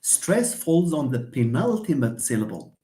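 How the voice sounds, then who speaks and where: Lively man teaching pronunciation. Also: on the high side, unhurried. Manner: explains patiently, repeats words, switches between English, French and Darija. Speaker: English teacher. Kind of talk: live online lesson. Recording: echoey room.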